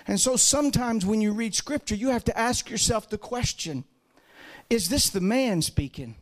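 A male pastor with a notably high voice delivers a sermon. He quotes scripture at length, climbing to shouted emphasis and then dropping to low, quiet lines. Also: lively intonation, moderate pace.

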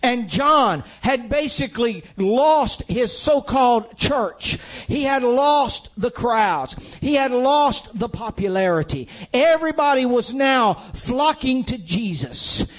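A man with a notably high voice delivers a sermon. He preaches with emphasis, repeating phrases and asking rhetorical questions as he builds each point. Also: lively intonation, slow pace, few pauses.

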